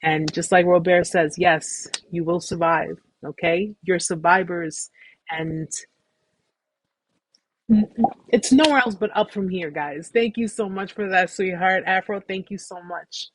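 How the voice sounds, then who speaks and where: A woman hosting a live stream, talking casually and at length, warmly repeating reassurances to her viewers. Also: on the low side, a little slow, a little hiss or hum. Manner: warm, effusive, repetitive reassurance; talkative, rambling with restarts. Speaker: host of a support live stream.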